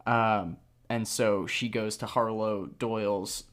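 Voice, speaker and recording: A man's voice: lowish voice, steady tone, slow pace, fairly bright tone. A young man co-hosting a casual podcast chat, playful and wry, laughing easily. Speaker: podcast co-host.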